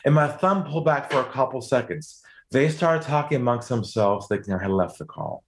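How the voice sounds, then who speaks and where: A man telling a story with real energy, his voice climbing when he gets excited. He acts out each line he quotes instead of just reporting it. Middle pitch, conversational. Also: fairly quick. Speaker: guest telling a sales story.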